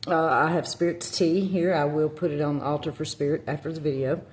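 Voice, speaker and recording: A woman's voice: deep voice, steady tone, a little fast, a little hiss or hum. Rambling Southern woman in an echoey room. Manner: rambling, filler-heavy, self-correcting. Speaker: witch vlogger. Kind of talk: casual chat to camera. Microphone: phone camera.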